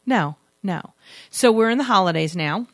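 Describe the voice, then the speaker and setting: A woman's voice: mid-range voice, expressive, normal speed, dry recording, clean studio sound. A woman co-hosting a podcast, chatting casually and teasing her co-host, often rambling and contradicting him. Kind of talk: casual banter and interview.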